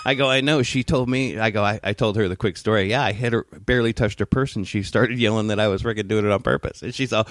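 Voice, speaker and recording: A man's voice: lowish voice, quick pace, few pauses, no echo. A man co-hosting a casual podcast, telling stories with heavy swearing and acting out what people said. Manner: animated storyteller, heavy swearing, acts out quotes. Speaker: podcast co-host. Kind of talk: casual chat.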